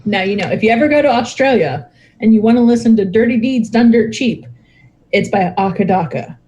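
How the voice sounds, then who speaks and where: A woman hosting a podcast, chatting casually and joking with quick asides. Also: on the high side, animated, mellow, dull audio. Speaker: podcast host. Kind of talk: casual chat.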